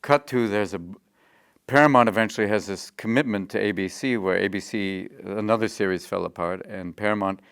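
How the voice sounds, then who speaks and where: A middle-aged man being interviewed, telling animated stories and jumping into quick voices. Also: fairly low pitch, vocal fry, clear, resonant tone, no echo, clean studio sound. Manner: animated, slips into quick character voices mid-story. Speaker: interview guest, comedian. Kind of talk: anecdotal interview storytelling.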